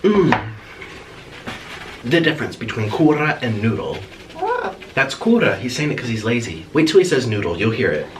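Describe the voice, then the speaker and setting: A man's voice: mid-range voice, big pitch swings, normal speed, pauses often. Playful, rambling man hosting an eating show. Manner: playful and rambling, chats to his pet bird and coos at it. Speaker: mukbang vlogger. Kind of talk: chatty eating-show vlog. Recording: distant mic with clear background noise.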